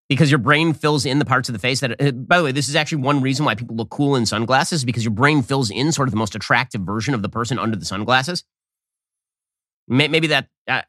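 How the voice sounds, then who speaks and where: A man hosting a political commentary show, talking in a fast, sardonic opinion monologue with quick restarts, on a close studio mic. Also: mid-range voice, pushed and bright, no echo.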